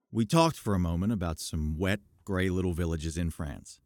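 A man reading audiobook narration in a measured, expressive way. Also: low voice, no room sound, clean studio sound.

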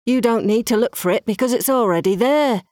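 A woman's voice: a little high, brisk, a little mellow, no echo, clean studio sound, pitched above the performer's own voice, close to an everyday voice. A woman doing a polite short-sighted crocodile.

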